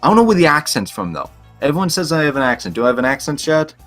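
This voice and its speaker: A young Canadian man with a Boston-like East Coast tinge co-hosts a livestream, chatting crudely, rambling and laughing often over soft background music. His slightly high, fairly bright voice races along with big pitch swings.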